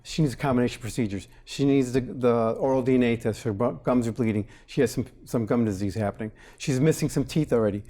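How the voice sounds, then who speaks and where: A man in his forties, a dentist being interviewed, explaining procedures and telling patient stories in a lively way, acting out what people said. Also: medium pitch, fast talker, hardly any pauses. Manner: animated storyteller, acts out quotes. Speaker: dentist guest. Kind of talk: casual interview talk.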